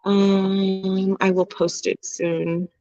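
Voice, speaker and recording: A woman's voice: medium pitch, little pitch movement, extremely slow, dark tone, no room sound, dull audio. Candid, laughing woman livestreamer. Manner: candid, swears casually, laughs often. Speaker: livestream host. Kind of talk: casual livestream chat reading comments.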